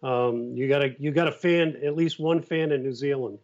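A man tells stories in an easy, relaxed way as a podcast guest, with plenty of fillers. The audio is dull and lo-fi. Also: mid-range voice, normal speed. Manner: relaxed storyteller, many fillers. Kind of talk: casual podcast chat.

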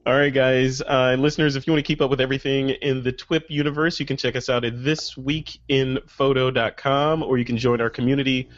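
A man's voice: medium pitch, little pitch movement, a little fast, hardly any pauses, highs cut off. A man hosting a photography podcast, interviewing guests in a playful, upbeat, joking way. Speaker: podcast host. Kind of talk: casual interview chat.

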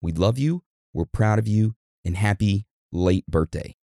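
A man with a lowish, gravelly voice that swings up and down a lot as he talks. He co-hosts a casual podcast and jokes his way through listener shout-outs. The sound is close and dry, with no room around it. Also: a little slow, no room sound. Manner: animated, joking, reads listener shout-outs. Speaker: podcast co-host.

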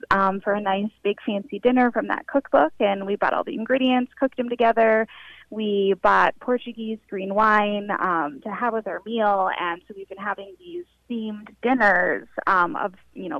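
A woman phones in to a radio show and tells her story in a friendly, casual way. Her voice comes through a dull, dry phone line, and her pitch sits in a middle range. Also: dry recording. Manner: friendly, casual, lots of fillers. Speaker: caller. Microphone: telephone.

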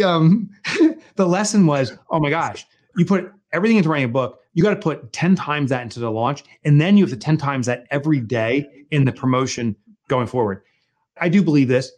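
Brief middle-aged man, guest author, higher pitch and very lively delivery, jokey storyteller. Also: normal speed. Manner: animated storyteller, jokey, mimics people. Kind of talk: casual podcast conversation.

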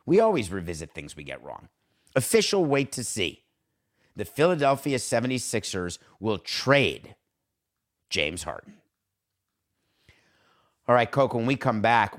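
A sports podcast host delivers an opinionated monologue in an emphatic voice. Along the way he acts out quoted exchanges, swinging his pitch to play each part.

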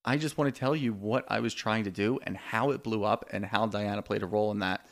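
A man's voice: fairly low pitch, fairly even intonation, fairly quick. A man co-hosting a podcast, chatting casually and candidly about a reality show, swearing freely. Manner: candid, swears freely, quotes cast members. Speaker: podcast co-host. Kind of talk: casual reality TV recap chat.

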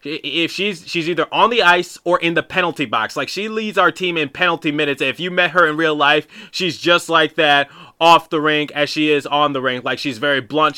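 A man's voice: fairly high pitch, pushed and bright, smooth. A man hosting a podcast, telling a story in a casual, rambling way with many restarts and asides. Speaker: podcast host.

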